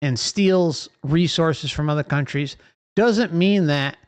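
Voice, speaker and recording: A streamer rants at an unhurried, deliberate pace. The delivery is heated and profane, driven by repeated rhetorical questions to the audience. The sound is dry and close, as if from a desk mic. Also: mid-range voice, no room sound. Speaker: livestream host. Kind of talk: impassioned livestream rant.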